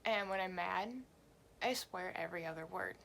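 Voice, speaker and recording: A young woman vlogger telling a story in a lively, blunt way and swearing often. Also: on the low side, normal speed, gravelly, a little hiss or hum. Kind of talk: storytime vlog.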